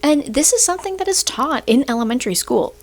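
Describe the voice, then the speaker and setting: A young woman with a slightly high voice talks in a loose, chatty way and keeps tagging her points with "right?". She has the hiccups as she explains, and she sounds like a student ranting to the camera. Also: animated, fast talker. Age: young adult. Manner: chatty, tags sentences with "right?". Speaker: university student. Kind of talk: casual explainer rant.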